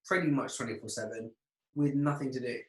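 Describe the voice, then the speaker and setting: A man's voice: mid-range voice, a little fast. A young man chatting casually, telling stories and acting out friends' lines with lots of swearing. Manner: animated storyteller, quotes friends in lively voices, swears. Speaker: podcast guest. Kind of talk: casual chat. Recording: echoey room.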